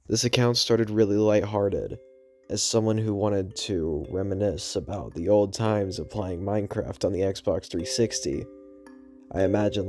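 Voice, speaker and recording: Man, scratchy throat, low monotone horror voiceover, deep voice, music underneath. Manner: low monotone, hushed on eerie lines. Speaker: narrator.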